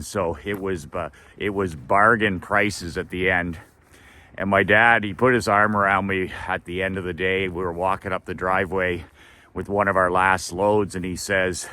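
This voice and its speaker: A middle-aged man telling a personal story in a relaxed way, with fillers and laughs. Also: deep voice, measured pace. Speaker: business coach. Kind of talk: casual storytelling.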